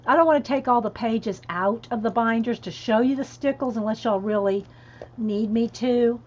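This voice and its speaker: Lady chatting on her stream, kinda high voice, giggly, muffled lo-fi sound. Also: normal speed. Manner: chatty, laughing, reads chat aloud. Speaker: coloring livestream host. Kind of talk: casual livestream chat. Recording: dull lo-fi stream audio.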